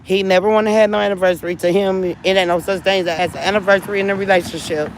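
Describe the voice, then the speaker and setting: A woman's voice: medium pitch, steady tone, fast talker, background noise. A woman telling a long personal story to her viewers in a casual venting style, upset and worn down, often repeating herself and speaking to them directly. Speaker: vlogger talking to viewers.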